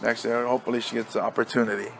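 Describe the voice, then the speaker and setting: A middle-aged man from Hawaii co-hosts a podcast and is also a high school football coach. In casual chat he rambles and laughs often as he tells coaching stories, acting out loud, exasperated coach lines. His voice is medium-pitched and gravelly with little pitch movement, he talks at a racing speed, and there's slight background noise.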